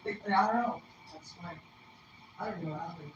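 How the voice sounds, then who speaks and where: A woman's voice: lowish voice, normal speed, lo-fi sound. A young woman telling rambling, profane personal stories in a casual, laid-back way. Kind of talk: casual storytelling. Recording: roomy echo, mic at a distance, faint noise.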